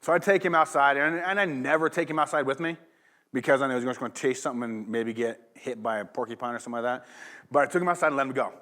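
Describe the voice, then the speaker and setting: Guy preaching, chatty and rambling, mid pitch, laughs at himself. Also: fast talker, bright, forceful tone. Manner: casual, rambling, laughs at his own story. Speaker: pastor. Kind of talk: sermon with personal storytelling. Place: church.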